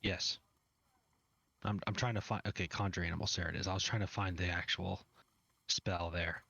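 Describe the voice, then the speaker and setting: A man narrating as game master of a tabletop game, relaxed and amused, over a dry, dull recording. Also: low voice, normal speed, creaky, husky, no room sound.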